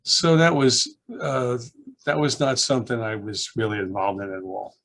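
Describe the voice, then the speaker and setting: A man in his seventies telling stories from his school days for an oral history interview. He rambles with restarts and asides, and his voice jumps up high whenever he acts out children. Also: moderate pace. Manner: lively storyteller who acts out children's voices. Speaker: alumnus being interviewed.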